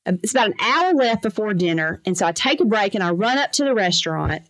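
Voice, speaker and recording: A woman lawyer telling lively anecdotes in a casual interview, acting out the voices of the people in her stories. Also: mid-range voice, no echo, low-quality recording. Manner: animated, fast anecdotes with lively quoted voices. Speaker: trucking lawyer, podcast guest.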